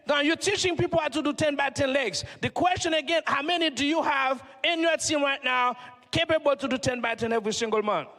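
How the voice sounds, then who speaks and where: A man's voice: very high-pitched, a bit bright. A middle-aged man with a Haitian accent giving a motivational speech from a stage, peppering the crowd with rhetorical questions. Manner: preachy, fires rhetorical questions at the audience. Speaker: motivational speaker. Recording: long hall reverb.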